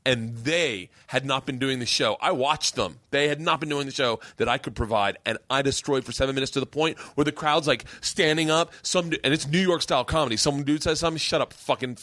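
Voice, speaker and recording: Profane, animated male storyteller. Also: medium pitch, fairly quick, hardly any pauses, no room sound. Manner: profane, animated storyteller who acts out quotes. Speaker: podcast host, stand-up comedian. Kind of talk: casual storytelling chat.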